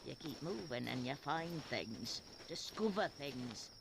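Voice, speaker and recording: An actress playing a gruff old blind woman seer in a video game, blunt and wry. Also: extremely low pitch, lively intonation, takes it slowly, background noise, heavily acted. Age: older. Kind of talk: game voice acting.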